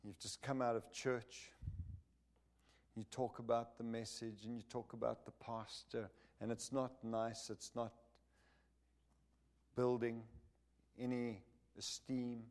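A man's voice: medium pitch, level tone, takes it slowly, pauses often, darkish tone. Male preacher in a sermon, emphatic and punchy, checks in with the listeners, voice sits mid-range. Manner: emphatic, punchy, drives points home with repeated phrases; asks the listeners for agreement.

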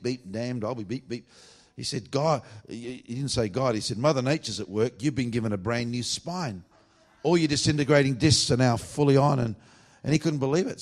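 Emphatic man preaching. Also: medium pitch. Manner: animated storytelling, blunt and emphatic. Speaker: evangelist preacher. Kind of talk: sermon.

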